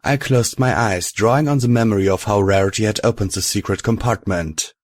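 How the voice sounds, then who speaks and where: A man narrating a fan fiction audiobook in a steady, deliberate storytelling manner. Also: lowish voice, dry recording.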